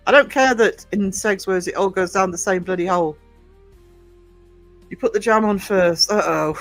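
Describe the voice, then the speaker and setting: A man's voice: sits high, a bit bright. A man hosting a casual livestream, rambling through viewer comments with lots of ums and restarts. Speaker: livestream host and small publisher.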